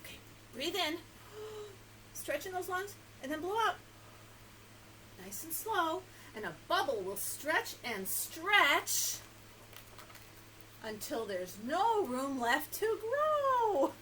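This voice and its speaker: A high, bright woman's voice reads a picture book to small children with lively swoops in pitch and an unhurried pace. She coaxes her young listeners with questions and laughs often, over a faint hiss of background noise. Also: poor audio. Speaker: children's librarian.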